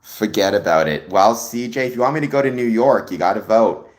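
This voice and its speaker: A man's voice: on the low side, animated, a little fast. A man from Canada, hosting a casual livestream, musing aloud and greeting viewers in chat with frequent ums. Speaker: livestream host.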